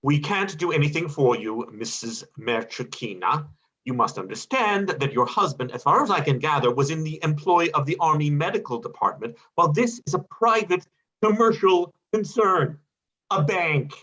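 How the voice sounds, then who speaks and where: A man's voice: fairly high pitch, expressive, moderate pace, a bit bright, lo-fi sound. A man voicing a flustered, pompous bank chairman in a stage play reading, stammering over his words.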